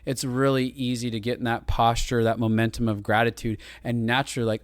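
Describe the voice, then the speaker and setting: An earnest, reflective man talks casually with his wife on a relationship podcast, now and then acting out quoted lines. His voice sits at a middle pitch, recorded close and dry. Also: fairly even intonation, quick pace, hardly any pauses, no room sound. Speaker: podcast co-host.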